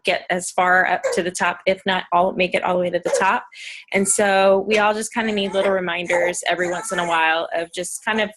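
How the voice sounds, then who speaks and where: A woman's voice: lowish voice, a bit bright, a little hiss or hum. A woman from Pennsylvania hosting a casual goal-setting video call, bubbly and chatty with many fillers.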